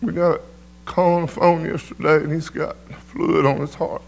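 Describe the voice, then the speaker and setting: Folksy preacher man, slightly high voice. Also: little pitch movement, normal speed, vocal fry. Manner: folksy storytelling, peppered with "amen" to the crowd. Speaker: preacher giving testimony. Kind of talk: sermon testimony storytelling.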